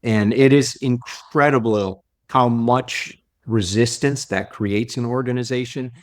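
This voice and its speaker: A man who works as a leadership coach, speaking as a podcast guest. He tells stories in an animated way and often repeats and restarts his words. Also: medium pitch, unhurried. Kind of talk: conversational interview storytelling.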